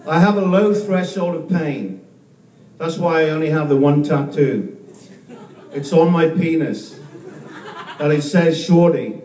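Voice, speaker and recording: Halting stand-up comic man, echoey room. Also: a little high, darkish tone. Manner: halting delivery with repeated words and restarts. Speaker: stand-up comedian. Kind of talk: stand-up comedy set. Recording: echoey room, mic far off, faint noise.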